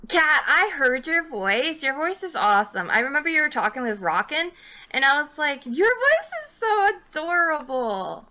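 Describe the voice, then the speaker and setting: A woman streaming a game with a high, bright voice that swings widely in pitch. She talks at an unhurried pace, giggles easily and warmly thanks her viewers. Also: sing-song. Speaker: livestreamer greeting chat. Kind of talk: casual live gameplay chat.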